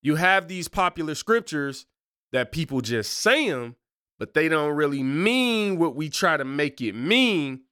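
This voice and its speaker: Lively, animated male preacher. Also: on the high side, measured pace, smooth, no room sound, studio quality. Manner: conversational, animated preaching with rhetorical questions. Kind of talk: sermon.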